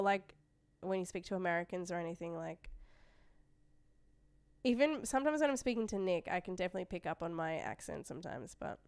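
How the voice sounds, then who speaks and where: A woman's voice: medium pitch, clean tone, no room sound. A young Australian woman hosting a live trading stream, chatting casually and reading viewer messages aloud as she goes. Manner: chatty, reads chat messages aloud, trails off and restarts. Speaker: livestream trading host.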